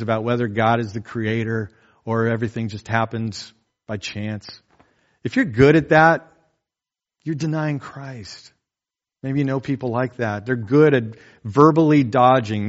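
A pastor preaching a sermon in a conversational way, often asking "right?" and acting out quotes. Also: male voice, medium pitch, steady tone, measured pace, dull audio.

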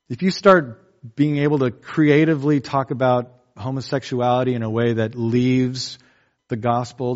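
A pastor preaching a sermon in a conversational way, often asking "right?" and acting out quotes. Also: male voice, mid-range voice, dull audio.

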